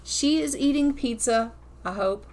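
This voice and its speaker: A woman's voice: a little high, measured pace, a little mellow. Chatty woman narrating a life-sim game. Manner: chatty, blunt, swears casually. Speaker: gameplay commentator. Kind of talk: casual gameplay commentary.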